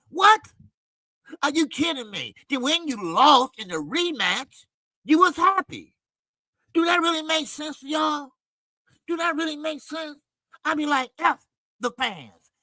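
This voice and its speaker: Male boxing-stream host, high voice, profane ranting commentary, dry close sound. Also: big pitch swings, normal speed, no room sound. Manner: ranting, profane, loud outbursts. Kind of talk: livestream boxing commentary, greeting chat.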